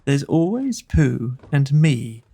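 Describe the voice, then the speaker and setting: Slow gravelly man reading poems. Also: mid-range voice, big pitch swings, dark tone. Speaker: storyteller. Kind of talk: reading children's poems aloud.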